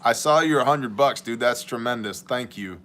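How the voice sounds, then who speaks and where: Hosting a casual livestream, a ministry leader with a medium-pitched, somewhat bright voice speaks at a moderate pace. He rambles through viewer messages, cracks jokes, and slides into mock voices now and then.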